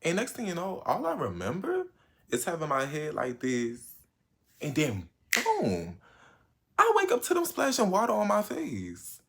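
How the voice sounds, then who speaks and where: Animated young man telling a story. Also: unhurried, vocal fry. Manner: animated, slangy, with sudden jumps in pitch and loudness. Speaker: vlogger. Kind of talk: casual storytime chat.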